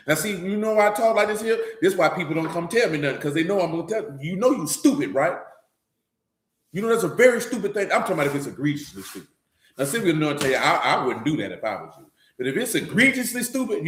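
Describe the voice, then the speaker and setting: A man preaches in a blunt, scolding way, talking to his congregation like a stern uncle. His voice sits a little high for a man and bounces around an echoey room. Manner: blunt, scolding street talk. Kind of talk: sermon.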